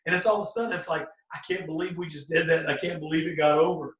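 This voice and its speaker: A middle-aged man, a former wrestler, telling lively stories as a guest, acting out other people's lines and breaking into loud outbursts. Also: fairly high pitch, quick pace. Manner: animated, acts out quoted voices, bursts into loud exclamations. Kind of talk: casual anecdotal storytelling. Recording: roomy, distant from the mic.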